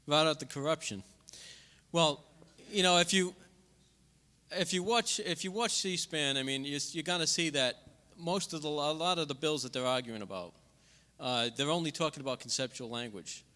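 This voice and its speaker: A man delivers a campaign forum speech, pressing and repeating his points with fervor. His voice is somewhat high and bright. The sound carries a long hall reverb. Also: normal speed. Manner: impassioned, repetitive, drops pitch on asides. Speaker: congressional candidate.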